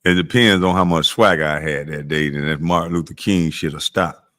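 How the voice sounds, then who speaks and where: Here a casual livestream host roasts the chat with plenty of trash talk, smoking all the while. When he heckles, his voice leaps upward; when he cools off, it sinks low and slows down.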